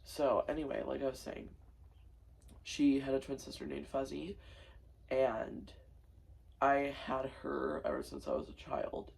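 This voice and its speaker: A man's voice: mid-range voice, animated, measured pace, creaky, long pauses, darkish tone, breathy edge, poor audio. A tired, sleep-deprived young man talking casually as a vlogger, subdued and rambling with fillers and restarts. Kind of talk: casual personal storytelling.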